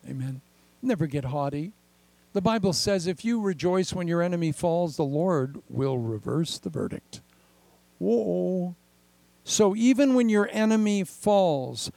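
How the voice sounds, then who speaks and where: An older man preaching a sermon as pastor, animated and acting out the voices he quotes. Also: medium pitch, creaky, breathy edge, low-quality recording.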